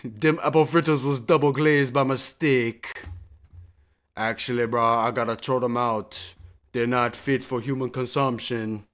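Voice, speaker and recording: A man's voice: mid-range voice, fairly even intonation, unhurried, fairly bright tone, natural voice. A man voicing an easygoing male baker with a Jamaican accent who brushes off a customer. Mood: dismissive.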